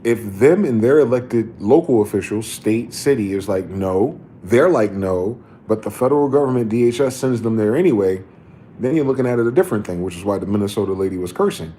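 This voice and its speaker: Male livestream host, low mellow voice, rambling profane commentary, faint noise behind. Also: animated, fast talker.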